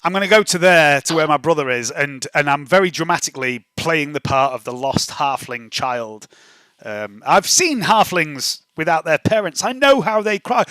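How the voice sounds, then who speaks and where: A man playing a tabletop game, excitable and swearing a lot in casual banter. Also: fairly high pitch, normal speed, clear, resonant tone, no echo. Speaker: player.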